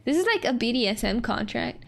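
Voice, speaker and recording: A woman's voice: a little high, very animated, fairly quick, gravelly, fairly bright tone. A woman streaming a game, joking and rambling casually over the gameplay.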